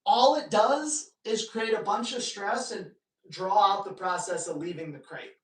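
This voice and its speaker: A man hosting a live dog-training Q&A, telling stories in a lively way and joking with his viewers. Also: high-pitched, unhurried. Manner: animated storytelling, joking asides. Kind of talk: casual live-stream talk. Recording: echoey room, distant mic.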